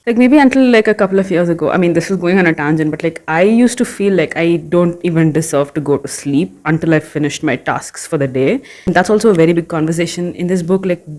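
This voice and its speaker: A woman's voice: on the low side, animated, fast talker, few pauses, a little mellow. Rambling, chatty woman book vlogger. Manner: rambling, chatty, full of "like" fillers, going off on tangents. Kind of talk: casual vlog chat.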